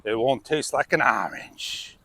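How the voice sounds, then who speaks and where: A man's voice: medium pitch, animated, a little slow, bright, forceful tone, slightly rough. A man vlogging outdoors on a wireless clip-on mic, rambling casually and exclamatory, often tossing in "man". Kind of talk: casual rambling vlog talk.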